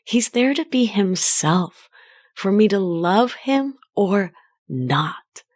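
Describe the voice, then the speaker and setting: A woman hosting her own podcast as a life coach, speaking in a gentle, affectionate coaching tone. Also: mid-range voice, lively intonation, takes it slowly. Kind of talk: solo podcast monologue.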